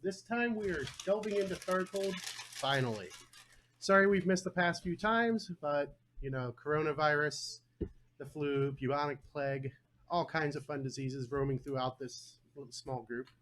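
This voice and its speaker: A man's voice: fairly high pitch, moderate pace, a bit bright. A man hosting a live tabletop game stream as game master, chatty and joking. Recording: faint background noise.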